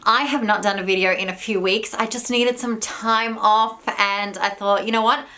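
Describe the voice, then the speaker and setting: Woman, advice vlogger, affectionate, encouraging, slightly out of breath, mid-pitched voice. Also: steady tone, normal speed, pushed and bright. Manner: affectionate, encouraging, talks straight to viewers. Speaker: vlogger and spiritual coach. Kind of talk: direct-to-camera advice vlog.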